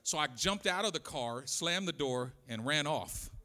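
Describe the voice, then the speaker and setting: Man preaching, high voice, bright tone, impassioned, repetitive cadence, storytelling. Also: lively intonation, unhurried. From Oakland, California. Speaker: pastor. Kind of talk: sermon.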